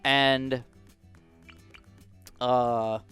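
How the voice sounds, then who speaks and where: A man's voice: mid-range voice, level tone, drawn-out words, fairly bright tone, soft background music. A man in his twenties chatting casually over gameplay, rambling through a story and acting out what people said. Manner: chatty, rambling anecdotes with acted-out quotes. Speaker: gaming YouTuber.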